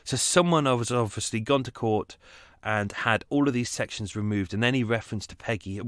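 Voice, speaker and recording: A man's voice: mid-range voice, a little fast, fairly bright tone, dry recording, studio quality. A man hosting a true-crime podcast, narrating in a casual, rambling way with chatty digressions and laughs at his own asides.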